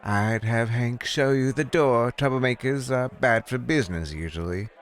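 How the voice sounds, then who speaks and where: A man's voice: medium pitch, normal speed, voice pushed up, natural voice. A man voicing a haughty, flirtatious woman nightclub owner in a game, with a drawling, affected manner. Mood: coy. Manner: drawling, affected, says "darling". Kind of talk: reading game dialogue aloud.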